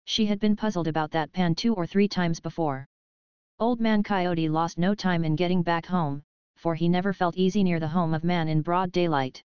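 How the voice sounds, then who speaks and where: A woman narrating a children's animal storybook audiobook in an even, measured reading. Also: fairly low pitch, clear, resonant tone, no echo, highs cut off.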